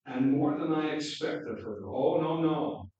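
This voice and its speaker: A man voicing an excitable male talking beaver in a storybook reading, with emphatic, booming exclamations, recorded from afar in an echoey hall. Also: measured pace, lightly acted. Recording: dull echoey hall from far off.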